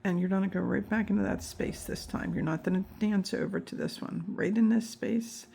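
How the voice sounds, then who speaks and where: A woman's voice: mid-range voice, normal speed, gravelly, warm tone, slight background noise. A woman teaching a crochet tutorial step by step, counting stitches aloud with chatty asides, and she has the hiccups. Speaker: crochet instructor.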